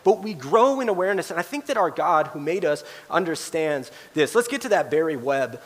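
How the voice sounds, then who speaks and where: A man preaches a sermon in a high, lively voice, animated as he acts out quoted voices. The sound carries a long reverb trail from a large church hall. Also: fairly quick. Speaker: pastor.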